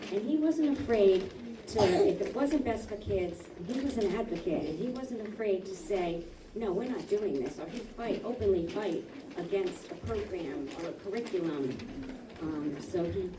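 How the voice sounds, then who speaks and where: A woman's voice: mid-range voice, moderate pace. A woman superintendent giving a tribute speech at a school library ceremony, recalling memories with light laughs. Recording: echoey room from far off, background noise.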